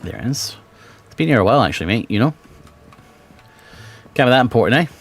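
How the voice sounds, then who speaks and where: Brief: chatty British male streamer, sweary, mid-pitched, mutters then bursts out. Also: fast talker, breathy edge. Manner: chatty, sweary, swings from mumbling to excited. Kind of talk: casual gameplay chat.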